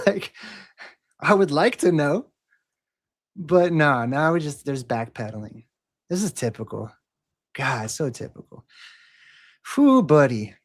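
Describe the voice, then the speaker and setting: A man's voice: fairly high pitch, lively intonation, slow, long pauses. A man hosting a livestream, talking casually and mockingly challenging a troll in the chat. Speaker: livestream host.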